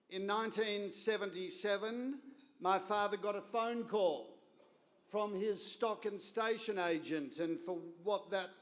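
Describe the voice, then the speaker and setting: An Australian man in his fifties giving a speech at a gala dinner, telling a story with deliberate, wry comic timing. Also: high voice. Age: 50s. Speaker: guest speaker at a gala dinner. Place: large banquet hall. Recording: reverberant hall.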